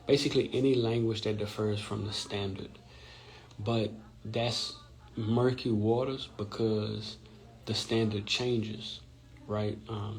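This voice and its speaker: Guy on a live stream, low gravelly voice, explains things and keeps asking right?. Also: rough recording. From Louisiana. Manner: explanatory, often checks in with "right?". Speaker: host. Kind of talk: informal live-stream talk. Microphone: phone or computer mic on a social-media live stream.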